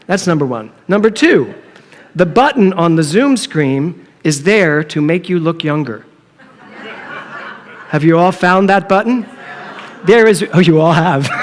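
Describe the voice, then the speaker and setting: A middle-aged man preaching a sermon, telling a humorous story and acting out the dialogue in a playful, animated way. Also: high-pitched. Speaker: minister. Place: church sanctuary. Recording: long reverb of a hall.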